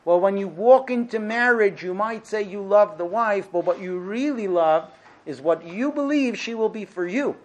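A man with a high-pitched voice gives a lecture to a class on marriage. He speaks with emphasis and presses his points with rhetorical questions. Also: moderate pace.

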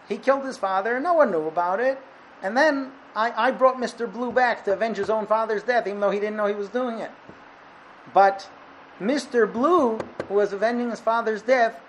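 A man teaching a Torah lesson, explaining with a parable and acting out its dialogue with animated delivery. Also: high voice, a little hiss or hum, low-quality recording. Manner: animated, acts out dialogue in the story. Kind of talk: lecture with parable storytelling.

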